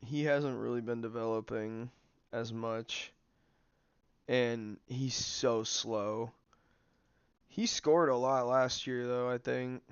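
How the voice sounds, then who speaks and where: Young male streamer, casual rambling chat, smooth voice with some grit. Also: medium pitch, steady tone, slow pace, pauses often, no room sound, highs cut off. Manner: rambling, filler-heavy, snacking while talking. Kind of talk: casual livestream commentary.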